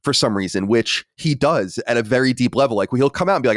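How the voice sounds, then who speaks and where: A man hosting a podcast in casual chat, animated and reading listener letters aloud. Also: mid-range voice, fast, no room sound, studio quality. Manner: animated storyteller, reads listener mail aloud. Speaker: podcast host.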